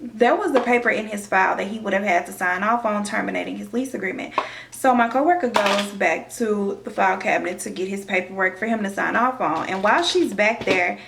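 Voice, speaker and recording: A young woman vlogger telling a dramatic, profane storytime while doing her makeup, animated and expressive. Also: medium pitch, a little fast, creaky, background noise. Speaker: beauty vlogger. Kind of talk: storytime chat during a makeup tutorial.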